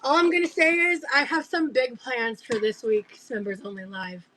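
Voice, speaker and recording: A young woman livestreaming as she opens gifts, talking in gushing, breathy exclamations full of fillers. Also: fairly high pitch, fairly even intonation, moderate pace, sharp tone, slight background noise, poor audio. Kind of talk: casual livestream chat.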